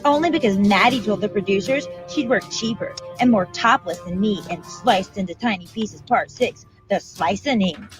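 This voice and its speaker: An actress voicing a jealous young actress who speaks in a snippy, catty way. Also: female voice, medium pitch, normal speed, few pauses, natural voice, low-quality recording. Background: music.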